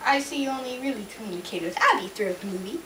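High-voiced lady host, teasing and dramatic, swings all over in pitch. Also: expressive, very fast, recorded from a distance, background noise. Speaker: interviewer. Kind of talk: playful fan-made interview.

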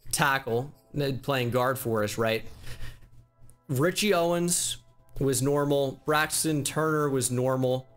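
A man's voice: medium pitch, a bit bright. Frustrated stammering man recapping a game. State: upset. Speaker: gaming YouTuber. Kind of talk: casual game commentary.

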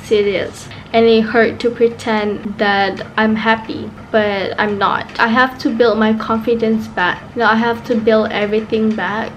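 A woman's voice: a little high, flat delivery, measured pace, few pauses, muffled recording, slight background noise. A teenage woman with a Malaysian accent talking to camera in a casual vlog, emotional and switching between English and Malay. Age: teens. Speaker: vlogger.

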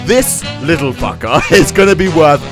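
A man giving jokey gameplay commentary as a video host, jumping from quiet asides to loud shouts and sing-song bits. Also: fairly high pitch, animated, moderate pace, music in the background.

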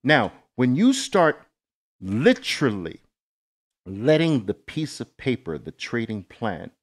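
A middle-aged man hosts a live coaching session for traders. He speaks in an emphatic, motivational way and tells stories dramatically. His mid-pitched voice rises and falls with lively, animated intonation. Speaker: trading coach host.

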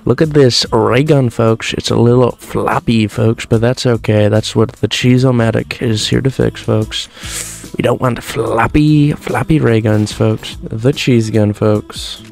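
A man's voice: medium pitch, fairly even intonation, measured pace, gravelly, a little mellow, soft background music. Rambling young man commenting on gameplay. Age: 20s. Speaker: gaming commentator.

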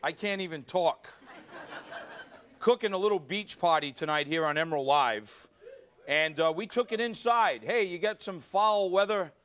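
A man's voice: high-pitched, expressive, normal speed, a bit bright. A man hosting a live cooking show in a studio kitchen, exuberant and talking straight to the audience. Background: faint studio audience.

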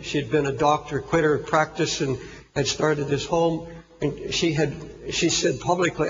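A man's voice: a little high, gravelly. A man preaching a sermon, telling a story with fervent, impassioned delivery. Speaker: pastor. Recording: echoey hall, dull lo-fi recording.

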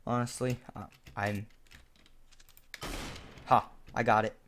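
A man giving casual commentary over his own shooter match, chatty and self-deprecating, with sudden excited outbursts. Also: lowish voice, slow. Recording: noisy home recording with background hiss. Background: keyboard clicks and in-game gunfire.

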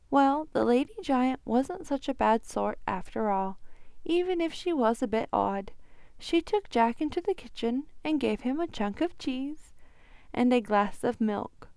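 A woman librarian reading a children's storybook aloud at a slow, expressive pace. Her voice sits a little high with a gravelly edge. Dry, close sound. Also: no echo.

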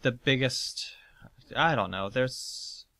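Guy hosting a game let's play, bright voice, chatty tour-guide vibe, swears a bunch. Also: mid-range voice, slow. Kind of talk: casual gameplay commentary.

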